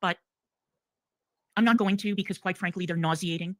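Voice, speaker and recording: A speaker lays out a measured statement on a live stream, deliberate and formal, repeating key words for emphasis. The voice sits at a middle pitch and sounds dry and close to the mic. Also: no echo.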